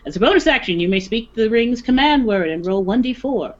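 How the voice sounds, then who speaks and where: A woman's voice: on the high side, lively intonation, fairly quick. A woman player in casual tabletop game chat, explaining rules and reading item text aloud over online voice chat. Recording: muffled lo-fi voice chat.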